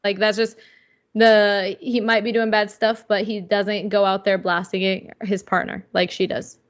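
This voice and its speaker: A young woman co-hosts a casual podcast chat, animated and slangy, peppering her talk with filler words. Her voice sits in a middle register. The audio is a little dull and lo-fi. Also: mid-range voice, unhurried. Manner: animated, slangy, says "like" and "dude" a lot. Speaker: podcast co-host.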